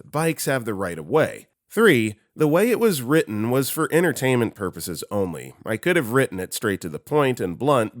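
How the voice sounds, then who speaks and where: Low-voiced man reading stories with animated swings. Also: no echo, clean studio sound. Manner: animated, sarcastic storytelling. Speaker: story narrator. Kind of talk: reading online stories aloud.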